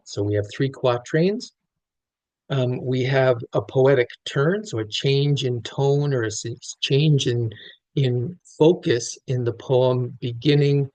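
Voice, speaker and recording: A literature lecturer gives a close-reading lecture on a poem, thinking aloud with many restarts and fillers. His mid-range voice is a little mellow, and the recording is dry and rough.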